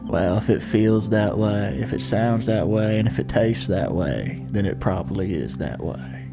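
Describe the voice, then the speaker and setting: A man's voice: fairly low pitch, vocal fry, over loud music. A man voicing a laid-back, drawling famous actor in an improvised comedy bit. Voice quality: slow drawl. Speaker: podcast co-host.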